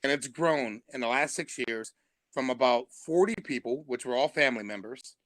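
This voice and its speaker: A man's voice: medium pitch, normal speed, a bit bright, dry recording. A man, a stand-up comedian, telling a long comic story on a live stream and laughing through his punchlines.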